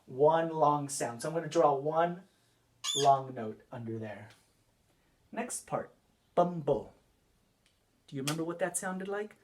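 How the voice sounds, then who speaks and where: A man leads a children's music lesson at an unhurried, deliberate pace. He is patient and repeats each step. He often stops to ask the class a question. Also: on the high side, a little hiss or hum. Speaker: music teacher.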